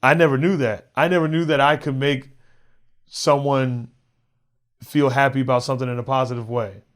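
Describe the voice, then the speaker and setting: A man, a comedian and podcast guest, telling a personal story in a halting way, repeating words and acting out the other voices. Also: medium pitch, steady tone. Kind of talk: casual storytelling.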